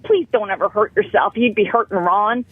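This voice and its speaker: A woman's voice: mid-range voice, brisk, slightly rough, narrow, tinny audio. A woman calling in to a radio talk show, pleading and scolding with passion. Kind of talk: heated call-in confrontation.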